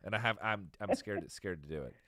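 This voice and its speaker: A man's voice: fairly low pitch, sharp tone, dry recording, studio quality. A man in his thirties in casual chat as a podcast host, rambling, swearing and laughing easily. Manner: rambling, profane, quick to laugh.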